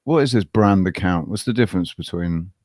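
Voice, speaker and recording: A man's voice: low voice, a little fast, a little mellow. A man on a live panel giving short, matter-of-fact replies. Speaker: panel guest. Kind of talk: casual live panel chat.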